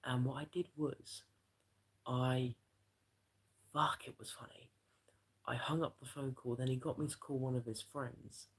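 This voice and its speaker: A man's voice: medium pitch, fairly even intonation, measured pace, long pauses, husky. A man, livestreaming and telling a rambling, profane story to his chat in a casual way.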